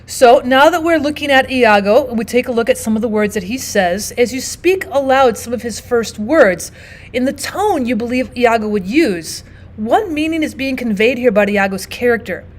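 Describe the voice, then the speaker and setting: A woman with a fairly high voice walks through a literature lesson. She explains each point in a steady, patient way and often opens her sentences with "now" or "so". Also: moderate pace. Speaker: literature teacher. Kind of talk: recorded lesson narration.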